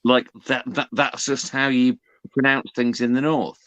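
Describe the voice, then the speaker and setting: A man from the North of England, a podcast guest, speaking in a measured, defensive way in casual chat. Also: mid-range voice, level tone, fairly bright tone, no echo, lo-fi sound.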